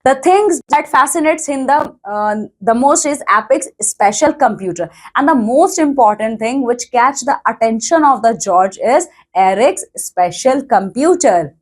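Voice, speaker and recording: A woman's voice: fairly high pitch, lively intonation, a little slow, hardly any pauses. A woman with an Indian English accent teaching an English lesson, reading a textbook story aloud and then explaining each line in simpler words with many "okay"s. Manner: reads a line then paraphrases it, with frequent "okay"s.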